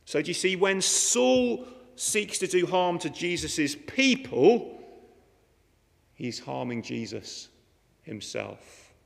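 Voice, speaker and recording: A man with a high, gravelly voice preaches a sermon in a chatty, very animated way, taking his time and often throwing rhetorical questions at the listeners. The recording carries a long hall reverb.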